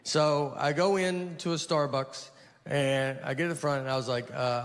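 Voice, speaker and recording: Deadpan stand-up comic in a reverberant hall. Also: male voice, medium pitch, moderate pace. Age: 40s. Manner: deadpan, rambling, self-deprecating. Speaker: stand-up comedian. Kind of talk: stand-up storytelling. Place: theater stage with laughing audience. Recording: reverberant live hall with audience noise.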